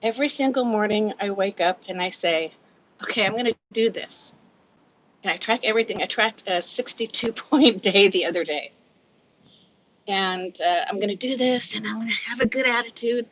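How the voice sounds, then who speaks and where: A woman's voice: medium pitch, normal speed, a bit bright, highs cut off. Breathless fifties woman chatting on a livestream. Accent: Californian. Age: 50s. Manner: candid, chatty, laughs often, reads comments aloud. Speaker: livestream host. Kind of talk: casual live chat. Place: at home.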